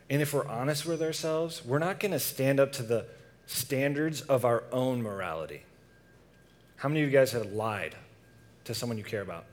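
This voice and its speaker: A young man delivers a relaxed sermon to a youth group at a medium pitch. He talks conversationally and keeps tossing questions out to the audience. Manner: casual, asks the audience questions.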